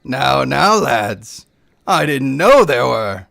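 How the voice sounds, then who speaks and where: A man voicing a cocky male elf thief, a smooth talker, in a loose put-on Scottish lilt. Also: mid-range voice, big pitch swings, slow, a bit bright, soft background music, exaggerated voice. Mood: smug.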